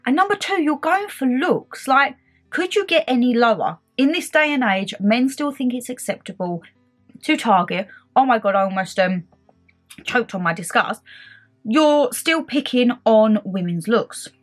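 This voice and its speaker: A woman's voice: a little high, unhurried, faint music behind. Indignant young woman vlogging. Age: young adult. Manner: animated, indignant retelling with quoted back-and-forth. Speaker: beauty vlogger. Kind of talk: casual storytime chat.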